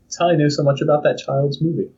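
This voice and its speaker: A man's voice: on the high side, steady tone, fast, warm tone. A young man co-hosting a casual podcast, rambling through a story and acting out silly voices. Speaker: podcast co-host. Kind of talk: casual chat. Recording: distant, dull lo-fi mic.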